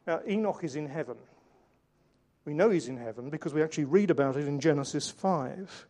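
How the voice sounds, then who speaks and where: Earnest guy preaching a sermon, bit high, mellow tone, slows down to hit his points. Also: lively intonation. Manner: earnest, varies volume for emphasis, slows on key lines.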